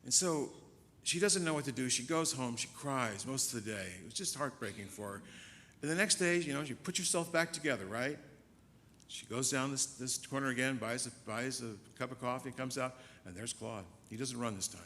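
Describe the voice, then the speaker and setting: Bright-voiced male minister preaching in a reverberant church. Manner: storytelling, shifts from soft and slow to loud and fast. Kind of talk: sermon. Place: church sanctuary. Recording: church hall reverb, faint rumble.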